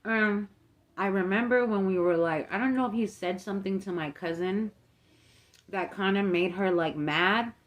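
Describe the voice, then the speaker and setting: A woman's voice: mid-range voice, normal speed. A young woman vlogger telling a long story in a casual, chatty way, swearing freely and peppering it with fillers. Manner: chatty, profane, filler-heavy retelling.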